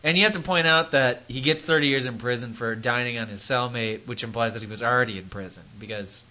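A man's voice: medium pitch, fast, pushed and bright. A man co-hosting a podcast in casual chat, with dry, teasing banter. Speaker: podcast co-host.

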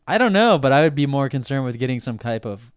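A man's voice: mid-range voice, sing-song, quick pace, smooth, dry recording. A man co-hosting a comedy podcast, trading dry, sarcastic one-liners in casual chat. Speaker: podcast co-host.

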